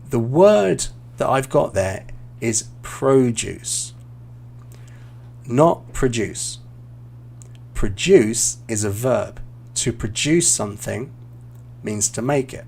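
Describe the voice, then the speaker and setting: A British man teaching English exam writing, explaining slowly and repeating key words for learners. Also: medium pitch, vocal fry, a little mellow. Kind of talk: online teaching walkthrough.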